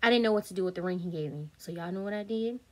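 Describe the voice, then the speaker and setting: A woman's voice: lowish voice, rapid-fire. A woman, telling a storytime vlog straight to her viewers, candid, blunt and swearing freely. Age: 30s. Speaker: vlogger.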